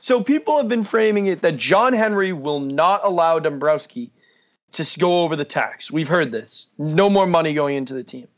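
A young man co-hosts a casual sports podcast, ranting bluntly and swearing freely. His voice is a little high and moderately paced, coming through a dull, lo-fi podcast mic.

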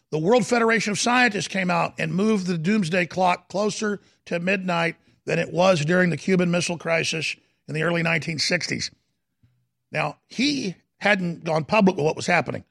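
A heated male talk show host speaking from a studio, his voice set somewhat high and deeply gravelly with a rough fry. He delivers political commentary in a dramatic, emphatic way, leaning hard on key words. The sound is close and dry, with no room echo. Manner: emphatic, dramatic, swings from slow deliberate stresses to shouting. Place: broadcast studio.

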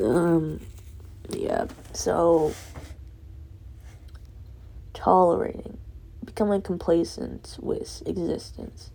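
A drowsy young woman ranting late at night, rambling and swearing with soft laughs breaking in. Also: lowish voice, lively intonation, very slow, gravelly, long pauses. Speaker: vlogger.

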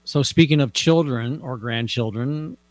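A man's voice: medium pitch, a little slow, no echo. A man co-hosting a conversation about relationships, asking questions hesitantly and searching for words. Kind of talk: casual chat.

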